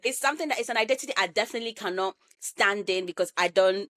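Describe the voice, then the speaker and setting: A young woman who grew up in Ghana, hosting a casual podcast chat in an animated, emphatic way and laughing often. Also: medium pitch, fast. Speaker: podcast host.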